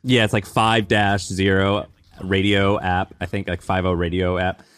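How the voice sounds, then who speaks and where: Casting: man co-host, lower voice, measured, thoughtful talker. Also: little pitch movement, fairly bright tone, smooth. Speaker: podcast co-host. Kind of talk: casual chat.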